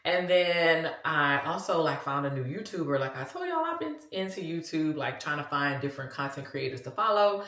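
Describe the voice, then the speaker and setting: A woman's voice: low voice, big pitch swings, normal speed, hardly any pauses, a bit bright, echoey room. A woman in her forties with a Louisiana accent, chatting casually to her viewers in a vlog and calling them "y'all". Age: 40s. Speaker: vlogger.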